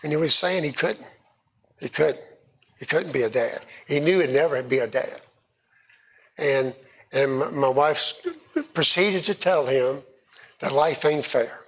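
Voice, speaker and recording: A man giving a sermon testimony, halting and often repeating himself. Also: a little high, fairly bright tone. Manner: halting, repeats words and restarts. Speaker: preacher.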